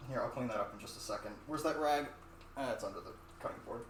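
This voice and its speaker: He's a young guy talking fast at a medium pitch while streaming himself cooking at home, rambling casually and swearing as he goes. A far-off mic records him in a reverberant room with a little background noise.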